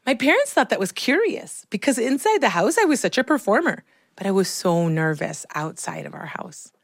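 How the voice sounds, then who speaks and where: A woman from Chicago telling a personal childhood story in an expressive, animated way. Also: mid-range voice, normal speed, gravelly, dry recording, clean studio sound. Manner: expressive, animated, acts out voices.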